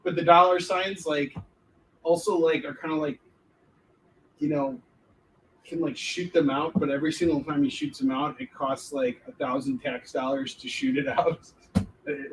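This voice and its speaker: A man's voice: fairly high pitch, fairly even intonation, moderate pace. A man, a comic book artist, rambling and joking through a casual livestream Q&A. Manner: joking, rambling, laughs often. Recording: distant mic, faint background noise.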